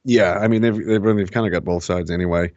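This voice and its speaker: A man's voice: sits low, fairly even intonation, a little fast, a little mellow, dry recording. Sarcastic man on a dull online call. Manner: sarcastic, swears freely, laughs often. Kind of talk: casual political chat.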